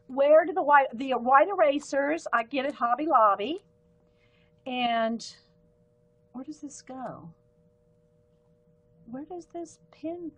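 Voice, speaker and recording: A woman's voice: high voice, a bit bright. A woman with a light Southern US accent, hosting a casual live stream and chatting as she demonstrates pens and markers, rambling and easily sidetracked. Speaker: livestream art host.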